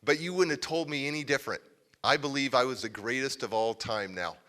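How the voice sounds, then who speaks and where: A man's voice: medium pitch, fairly quick. A man giving a live motivational speech, telling a story and acting out the voices of the people in it. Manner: animated, acts out quoted voices. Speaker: motivational speaker. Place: civic center stage.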